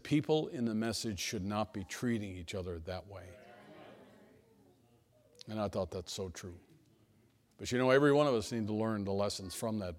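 A pastor preaching a sermon to his church, telling personal stories in a folksy manner that swings between hushed asides and emphatic lines. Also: lowish voice. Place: church sanctuary.

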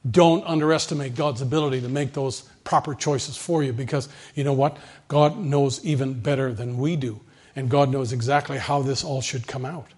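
A man's voice: mid-range voice, steady tone, normal speed, darkish tone, slightly rough. A man preaching a sermon with an emphatic, repetitive cadence. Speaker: pastor.

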